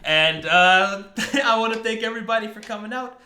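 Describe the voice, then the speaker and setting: A man's voice: sits high, normal speed, reverberant. A man hosting a tabletop game stream as game master, wrapping up with casual, laughing banter. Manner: laughing, animated, swearing banter. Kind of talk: casual stream outro chat.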